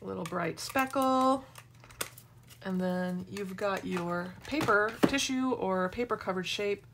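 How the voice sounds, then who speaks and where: A woman's voice: mid-range voice, slow pace, background noise. A middle-aged woman hosting a casual craft tutorial, chatting and wandering into asides as she works. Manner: chatty, rambling asides while working. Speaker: craft demo host.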